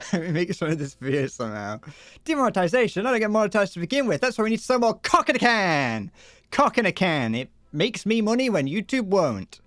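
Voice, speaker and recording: Livestreamer, mock ad spiel, giggly, tripping over words, very animated intonation, dry close mic. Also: medium pitch, normal speed, dry recording. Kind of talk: improvised mock advert while gaming.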